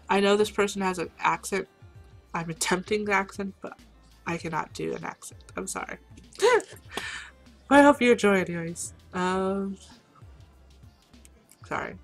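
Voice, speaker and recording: A woman's voice: medium pitch, unhurried, gravelly, long pauses, faint music behind. A woman casually commenting while she plays a game, self-deprecating and prone to giggling. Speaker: game streamer. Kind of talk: let's play commentary.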